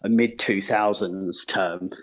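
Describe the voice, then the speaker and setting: A man's voice: low voice, steady tone, slow, a crowd in the background. A man with a British accent, a guest on a live stream, chatting casually and explaining his points at length with jokes. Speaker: guest commentator.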